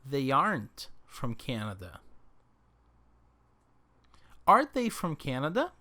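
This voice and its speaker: A man teaching a recorded English lesson, drilling example sentences slowly with exaggerated question intonation. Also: medium pitch, huge pitch swings, sharp tone.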